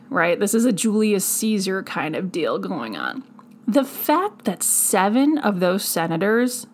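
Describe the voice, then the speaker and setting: Animated woman hosting a history podcast. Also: mid-range voice, a little hiss or hum. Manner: animated, laughs often, reads quotes aloud with sassy asides. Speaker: podcast host. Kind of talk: casual history podcast commentary.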